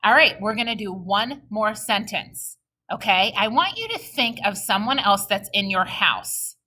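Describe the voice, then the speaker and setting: A woman teacher giving a recorded reading lesson to young children, patient and encouraging, slowing right down to model sentences aloud. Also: mid-range voice, expressive, sharp tone.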